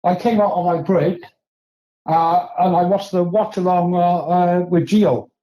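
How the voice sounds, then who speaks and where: A man's voice: high voice, steady tone, unhurried, warm tone, muffled recording. Nervous rambling male caller. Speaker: phone-in caller. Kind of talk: casual chat.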